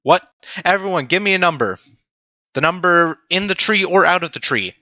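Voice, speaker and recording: A young man teaching a programming tutorial on a livestream, animated and self-mocking as he talks to his chat. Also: high voice, normal speed, no echo, dull audio. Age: young adult. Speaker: teaching assistant.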